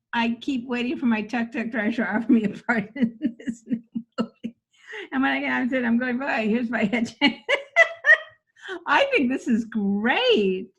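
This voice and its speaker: A older woman coaching comedy in casual chat, reading jokes aloud and laughing often. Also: a little high.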